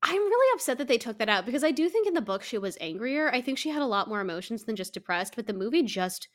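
A woman co-hosting a chatty podcast, her voice sitting a little high. She talks in an animated way, slipping into quick impressions of characters as she recaps a story. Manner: animated, acts out characters in quotes. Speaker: podcast co-host. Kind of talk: casual chat.

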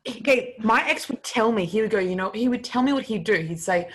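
A young woman with a fairly high voice hosts a podcast, talking fairly quickly with hardly any pauses. She chats candidly and tells stories animatedly, full of filler words and swearing.

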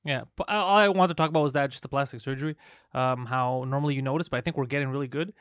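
A man's voice: mid-range voice, racing, fairly bright tone, clean tone, no room sound, studio quality. A man co-hosting a comedy podcast, talking in a loose, crude, jokey way and laughing often. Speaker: podcast co-host. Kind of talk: casual comedy podcast chat.

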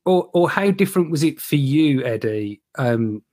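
Man, podcast host, slightly higher voice, hesitant, lots of ums and restarts. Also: animated, normal speed, mellow. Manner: hesitant, full of fillers and restarts. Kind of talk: casual podcast interview.

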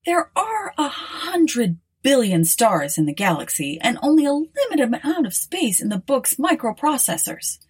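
A woman's voice: high-pitched, sing-song, a little slow, few pauses, slightly rough, voice pushed up, full character voice. A woman voicing a breezy, unflappable male alien traveler in an audiobook, with an offhand, matter-of-fact delivery.

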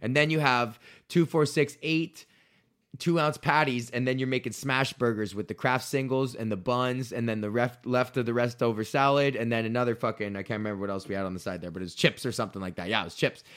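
A man's voice: medium pitch, fairly even intonation, fairly quick, fairly bright tone. Rambling, swearing male podcast host. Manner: rambling, profane, loose and self-correcting. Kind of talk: casual solo podcast rant.

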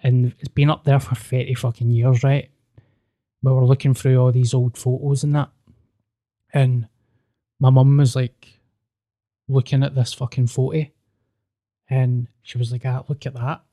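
Male podcast co-host, mellow voice, swears a lot, acts out quotes. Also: mid-range voice, unhurried, long pauses. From Scotland. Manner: sweary, animated storyteller acting out dialogue. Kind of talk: casual storytelling chat.

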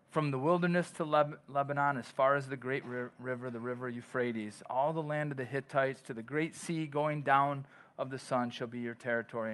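With a mid-range, fairly bright voice, a man delivers a sermon as pastor. He speaks conversationally, restarting frequently, and reads lengthy scripture passages aloud.

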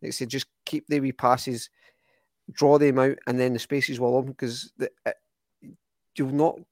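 A man's voice: mid-range voice, little pitch movement, moderate pace, darkish tone, no room sound. A young Scottish man, co-host of a fan podcast, chatting casually about football, rambling and restarting his sentences. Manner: rambling, restarts often, enthusiastic.

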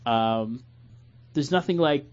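A man's voice: medium pitch, slow pace, muffled recording. A man hosting a podcast, bantering loosely and laughing with friends. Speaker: podcast host. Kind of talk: casual podcast chat.

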